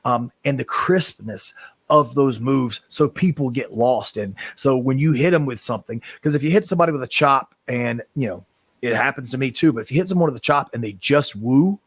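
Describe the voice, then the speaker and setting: A man's voice: mid-range voice, a little fast, husky, no room sound. A man talking in a casual interview as a professional wrestler guest, impassioned and rambling, swearing now and then.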